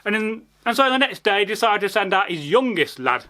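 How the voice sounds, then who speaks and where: A man's voice: high voice, animated, brisk, sharp tone. A man telling a folk tale casually, rambling with many asides and plenty of swearing. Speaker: storyteller. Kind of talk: casual storytelling.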